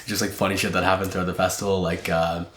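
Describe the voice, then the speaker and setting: A young man with a low voice talks through his week in a loose, candid monologue, dropping swear words and wandering between thoughts. He sounds tired and underslept. The room around him is echoey. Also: little pitch movement, fast talker, fairly bright tone. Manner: candid, swears often, rambling. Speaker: podcast host. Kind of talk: casual reflective monologue.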